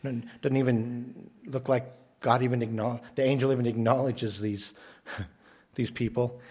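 A man's voice: mid-range voice, fairly even intonation, measured pace, darkish tone, husky. A man preaching a sermon as pastor, emphatic and often repeating his first words as he starts a phrase.

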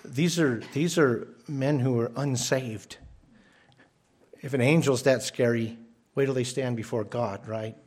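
A man's voice: medium pitch, fairly even intonation, a little slow, darkish tone. A man preaching a sermon as pastor, emphatic and often repeating his first words as he starts a phrase.

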